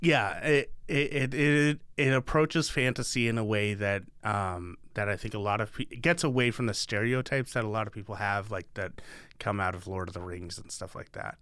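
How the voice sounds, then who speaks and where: Male co-host, bright mid-pitched voice, dry close sound, playful rambling banter. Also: normal speed, clear, resonant tone, no echo. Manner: jokey, rambling, many restarts and "like"s. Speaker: podcast co-host. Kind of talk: casual chat.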